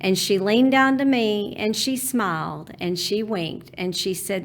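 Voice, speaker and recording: Texan woman storyteller, fairly high voice, folksy and animated delivery. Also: a little slow, hardly any pauses. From Texas. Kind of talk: personal storytelling.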